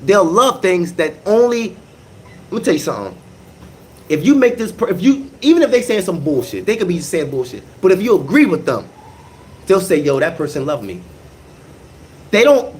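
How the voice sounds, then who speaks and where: A man talking in a casual monologue, animated and emphatic, repeating phrases and using slang. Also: sits high, moderate pace, a little hiss or hum.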